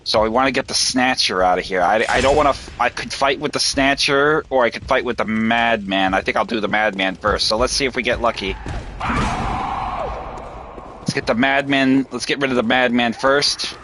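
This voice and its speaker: A man's voice: mid-range voice, moderate pace, noisy background. A man commenting on his own video game playthrough, swearing freely and talking to himself as he plays. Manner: swears a lot, shouts in frustration. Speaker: gaming video host. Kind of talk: let's play commentary.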